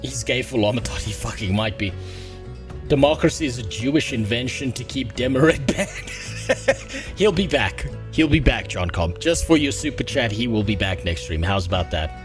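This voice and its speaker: A male streamer grumbling his way through a game, swearing freely in a crude, offhand running commentary. His voice sits at an ordinary middle pitch. Faint game music plays behind him. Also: animated, moderate pace. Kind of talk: casual gameplay commentary. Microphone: headset.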